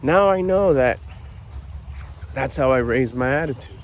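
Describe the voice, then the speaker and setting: A middle-aged man giving a casual motivational talk outdoors at a park, blunt and animated, swearing freely. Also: medium pitch, measured pace, a little hiss or hum. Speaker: personal development vlogger.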